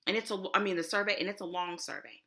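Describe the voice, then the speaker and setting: A woman's voice: mid-range voice, fairly even intonation, fast, bright, forceful tone. A middle-aged woman with a Texan accent from Houston, giving a chatty, emphatic conference talk as a presenter. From Houston, Texas.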